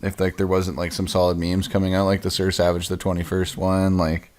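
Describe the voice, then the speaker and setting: A man co-hosting a podcast in casual chat, halting and full of fillers, cursing freely. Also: deep voice, monotone, a little mellow. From Canada. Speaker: podcast co-host.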